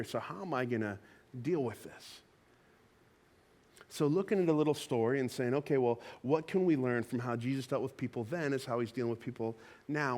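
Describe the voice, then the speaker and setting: A man preaching a conversational sermon, telling a Bible story with lively acted-out quotes. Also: mid-range voice. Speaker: pastor. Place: church auditorium.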